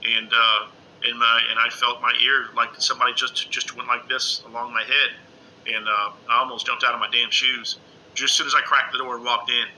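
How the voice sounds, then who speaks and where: A middle-aged man chatting casually on a live stream from home, rambling excitedly and calling everyone "man" with lots of uh's. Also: medium pitch, normal speed, a little hiss or hum, rough recording. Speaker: ghost-hunting live streamer. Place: indoors at home under a lamp.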